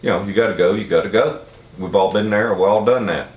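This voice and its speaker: A middle-aged Tennessee man with a Southern accent tells a rambling, blunt, folksy anecdote, talking quickly in a low voice. The recording is muffled and roomy, from a distant mic with faint ambience.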